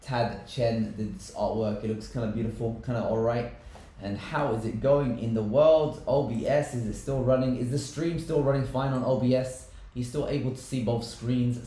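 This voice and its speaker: A man co-hosting a live tech show, talking casually with a wry, chatty manner. His voice bounces around a very echoey room. His pitch sits in an ordinary middle range. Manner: chatty, wry commentary on software trials. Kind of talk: casual live-stream chat.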